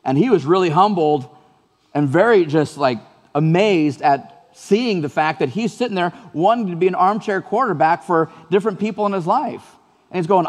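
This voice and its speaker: Male pastor, slightly high voice, earnest conversational sermon with repeated phrases, long hall reverb. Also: lively intonation, normal speed, a little mellow.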